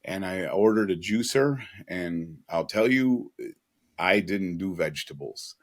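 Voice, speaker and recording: A man's voice: low-pitched, animated, unhurried. A man telling an earnest, emotional personal story as a podcast guest, with casual asides.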